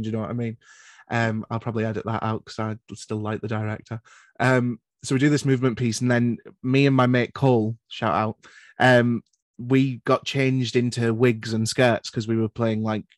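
A man's voice: mid-range voice, no room sound. A young man hosting a podcast, chatting loosely with lots of "like" and "um". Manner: chatty, loose, full of fillers. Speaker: podcast host. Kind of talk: casual interview chat.

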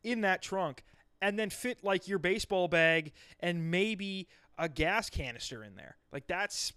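A man from New Jersey talks in loose, profane podcast banter. His voice sits a bit high for a man, and the sound is dry and close with no room around it. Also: animated, unhurried, pushed and bright, clear, resonant tone, no echo. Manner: profane, joking, riffs in put-on quotes. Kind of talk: casual crude banter.

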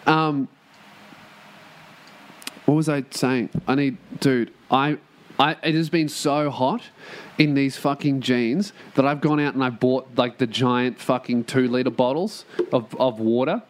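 A man's voice: mid-range voice, steady tone, a little slow, slight background noise. A man hosting his own podcast, rambling casually and profanely with self-mocking jokes, recorded in a room at a shared workplace. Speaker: podcast host.

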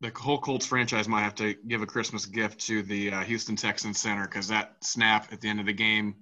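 Male sports podcast host, bright and pushy tone, chatty and rambling, dull lo-fi recording. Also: fairly low pitch, brisk. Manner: rambling, filler-heavy, animated. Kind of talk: casual sports talk.

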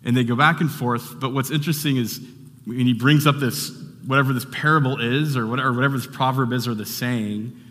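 A male pastor preaches in an easy, conversational manner, often circling back and restarting his sentences. His voice sits at an ordinary middle pitch. The sound carries a long reverb from a large church hall. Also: steady tone, brisk, a bit bright. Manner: conversational, rambling with restarts and fillers. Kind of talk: sermon.

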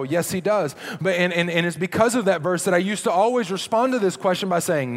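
A man's voice: high voice, fairly quick, hardly any pauses. A man preaching a sermon as pastor, talking in a conversational way that often repeats and restarts words. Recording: long hall reverb.

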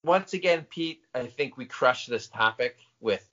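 A man's voice: mid-range voice, animated, a bit bright. A middle-aged man co-hosting a podcast in casual chat, teasing and interrupting his partner. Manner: teasing, interrupting, quick to laugh. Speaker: podcast co-host. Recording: dull lo-fi podcast audio.

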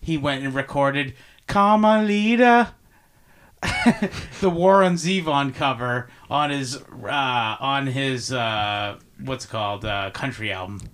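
A man's voice: medium pitch, takes it slowly, a bit bright. A man co-hosting a casual podcast chat, crude and sarcastic, full of jokes. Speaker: podcast co-host.

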